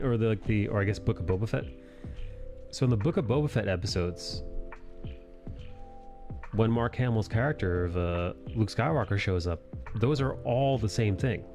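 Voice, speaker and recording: His voice is on the low side and a little mellow. He's a comic artist hosting a drawing live stream, chatting casually in a rambling, profane manner that keeps correcting itself.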